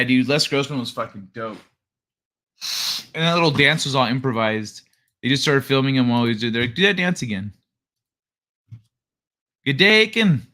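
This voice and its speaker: Young male streamer, bright tone, casual and profane, rambling late-night chat. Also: medium pitch. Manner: rambling, profane, laid-back. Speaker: live stream host. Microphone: desk microphone he adjusts.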